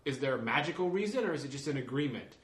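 A man co-hosting a casual movie chat, calmly thinking aloud. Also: mid-range voice, fast talker, echoey room. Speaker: podcast co-host.

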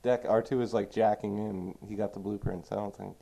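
A man's voice: fairly low pitch, steady tone, fairly quick, gravelly, warm tone. A man in casual chat, laid-back, arguing a point and then giving in.

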